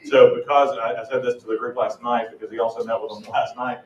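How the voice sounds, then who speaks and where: A man's voice: medium pitch, little pitch movement, fast talker, a little hiss or hum. A man, the pastor, introducing a guest to his Bible study group in a rambling, casual way. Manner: rambling, warm-up style with many fillers. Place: church hall. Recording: roomy, dull-sounding hall recording from a distance.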